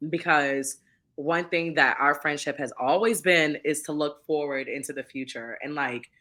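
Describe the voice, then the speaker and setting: A woman's voice: low voice, fairly even intonation, moderate pace, bright, forceful tone. A woman TV producer, a guest chatting casually and heartfelt with a friend in an interview. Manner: effusive, heartfelt, calls friend "girl".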